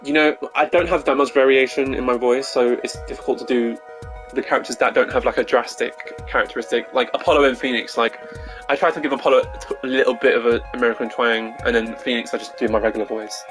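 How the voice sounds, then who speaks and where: A man's voice: medium pitch, steady tone, fast talker, a bit bright, faint music behind, poor audio. A man streaming a video game, chatting between lines with frequent giggles and self-deprecating asides. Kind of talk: let's play commentary.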